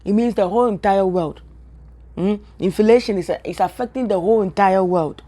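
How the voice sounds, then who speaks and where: A woman with a Ghanaian accent speaks straight to her viewers in an emphatic, repetitive rant. Her voice is mellow and warm, and she drives each point home by saying it again. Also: medium pitch, moderate pace. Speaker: social media commentator. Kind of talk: direct-to-camera opinion rant.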